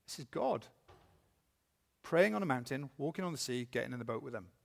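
A man preaching a sermon, earnestly asking the congregation questions and reading scripture slowly with emphasis. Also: mid-range voice, lively intonation, creaky. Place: church. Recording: long hall reverb.

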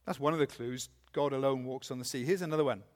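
A man preaching a sermon, earnestly asking the congregation questions and reading scripture slowly with emphasis. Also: mid-range voice. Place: church. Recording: long hall reverb.

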